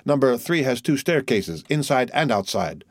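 A man reading an audiobook, voicing a calm, careful male innkeeper. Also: medium pitch, normal speed, no room sound. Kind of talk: audiobook character voice.

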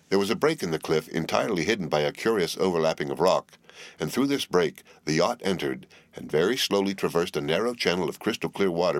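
Male narrator for a classic novel, very low voice, dry close recording, measured delivery. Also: dry recording. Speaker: audiobook narrator. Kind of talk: scripted narration.

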